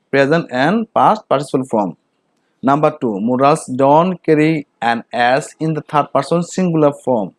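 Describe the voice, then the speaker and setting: Slow, repetitive man teaching grammar. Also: mid-range voice, dry recording. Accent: Bengali. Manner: repeats each example sentence slowly. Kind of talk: slow grammar lesson with repeated examples.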